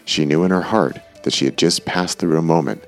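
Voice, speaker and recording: Brief: male audiobook narrator, extremely low voice, faint music beneath. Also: brisk.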